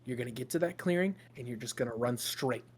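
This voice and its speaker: A man's voice: mid-range voice, lively intonation, quick pace, darkish tone, slightly rough. A man narrating a tabletop game as game master, in a loose, improvised storytelling way with fillers.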